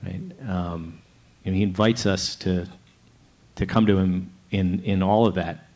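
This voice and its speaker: A man with a fairly low voice speaks on a church panel in a candid, conversational way. He talks openly about his own faith and breaks into small chuckles as he explains. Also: steady tone, measured pace, a little mellow. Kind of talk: panel discussion.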